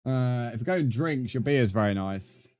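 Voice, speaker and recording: A man's voice: mid-range voice, animated, a little slow, a little mellow, dry recording. A young man streaming a game, casually reading out and answering his chat with frequent laughs. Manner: chatty, reads and answers chat messages, laughs often.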